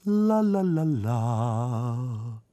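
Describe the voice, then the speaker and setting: A man voicing a tiny male frog who loves to sing, in a high, light singsong voice. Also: huge pitch swings, measured pace, exaggerated voice. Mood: happy.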